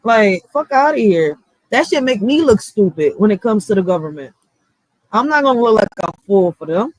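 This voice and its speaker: A woman's voice: mid-range voice, big pitch swings, moderate pace, dry recording, low-quality recording. A woman with a Philadelphia accent, a block captain ranting bluntly and profanely in a casual vlog. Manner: blunt, profane, fired-up street talk.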